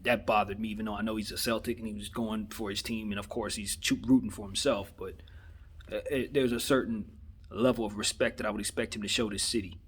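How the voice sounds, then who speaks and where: A man's voice: lowish voice, fairly even intonation, fast, slightly rough. A man from Los Angeles giving his opinion in a casual monologue, conversational and slangy, often repeating himself for emphasis. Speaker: vlogger giving sports opinion.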